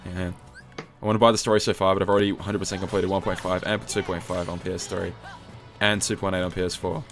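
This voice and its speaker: A man's voice: sits low, level tone, fast. A man chatting casually while streaming a game, joking at his own expense. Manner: chatty, self-deprecating banter. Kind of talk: casual gaming stream chat. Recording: game music underneath.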